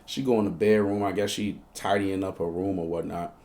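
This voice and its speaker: A man with a Chicago accent hosting a casual comedic storytelling show, slangy and profane. He acts out both sides of each exchange and jumps into high, squeaky outbursts at the tense moments. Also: steady tone, a little fast, warm tone. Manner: breaks into high, squeaky outbursts when telling panicked moments. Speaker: storyteller host.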